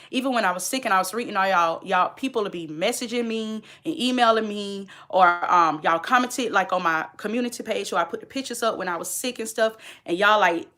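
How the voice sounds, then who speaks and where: A woman's voice: mid-range voice, fairly quick, hardly any pauses, pushed and bright. A woman, a nurse chatting casually and emphatically to her viewers in a vlog update. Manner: chatty, emphatic, talks straight to viewers as y'all; moves about while talking. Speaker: nurse and vlogger.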